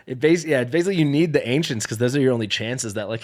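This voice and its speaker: In live gameplay commentary, a man streams a mobile game, joking and playfully dramatic while sorting through gear. He talks quickly in a mid-range voice.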